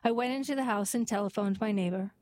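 A woman narrating a heartwarming story and then reading a poem aloud in a gentle, even storytelling manner. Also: mid-range voice, fast, no room sound, low-quality recording.

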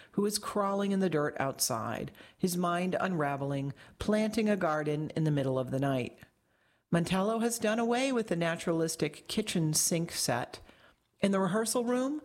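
The narrator is a woman with a somewhat low female voice, reading a long-form article in scripted fashion. She speaks with measured, articulate care.

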